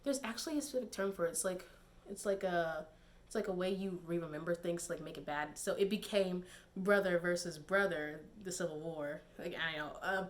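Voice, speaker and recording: A young woman giving casual, digressive commentary to camera, laughing and using many fillers. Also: on the low side. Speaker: YouTube commentator.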